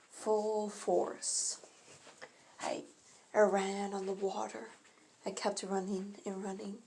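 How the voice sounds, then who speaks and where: Slow, halting woman reading fan fiction. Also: mid-range voice, vocal fry, darkish tone, slight background noise. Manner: halting, often stumbles and corrects herself mid-sentence. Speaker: fan story narrator. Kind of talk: casual first-person fan story reading.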